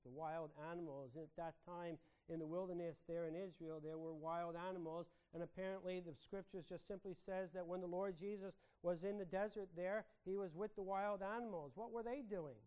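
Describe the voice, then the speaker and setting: A man with a notably high voice delivers a sermon. He speaks earnestly, often turning to the congregation with rhetorical questions. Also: dark tone, low-quality recording. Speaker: preacher.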